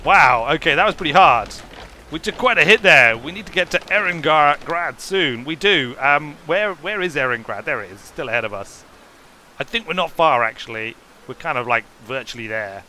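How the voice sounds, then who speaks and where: A man's voice: fairly high pitch, lively intonation, moderate pace, pushed and bright, slight background noise. A man giving casual, rambling gameplay commentary, playful and prone to trailing off. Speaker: game commentator.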